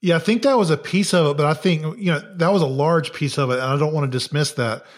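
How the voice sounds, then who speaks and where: Chatty man in his thirties, higher voice. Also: quick pace. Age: 30s. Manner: joking, conversational. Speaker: podcast co-host. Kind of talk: casual faith podcast chat.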